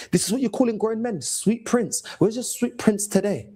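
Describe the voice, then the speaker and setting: On a roughly recorded fan call-in show, a London-accented host in his thirties rants angrily, swearing and mocking other fans. His voice sits high, mellow and slightly rough, moving at normal speed with hardly any pauses.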